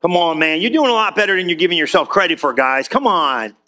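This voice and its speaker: Fairly high-pitched and sharp, this pastor's animated, fast delivery fills a church sermon in which he talks to the congregation like a friend and keeps calling for claps and amens.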